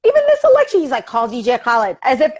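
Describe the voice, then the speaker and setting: A woman politician chatting as an interview guest over a video call, telling animated stories, laughing often and acting out family dialogue. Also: high-pitched, quick pace, breathy edge, lo-fi sound.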